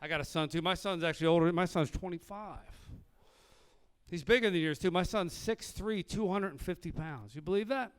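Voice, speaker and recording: Middle-aged philly guy doing stand-up, high smooth voice, swears a lot, acts out all the characters. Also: fairly quick. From Philadelphia. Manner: brash, profane, acts out dialogue in other voices. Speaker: stand-up comedian. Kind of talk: stand-up comedy set.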